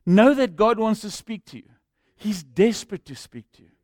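Animated man preaching a sermon. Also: sits high, moderate pace, no echo, clean studio sound. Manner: animated and rhetorical, with humorous asides. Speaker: pastor.

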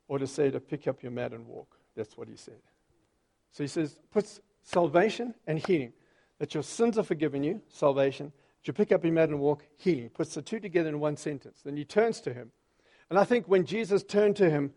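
A man preaching a sermon, telling Bible stories with lively acted-out voices. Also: fairly high pitch. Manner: animated storytelling, acting out quoted voices.

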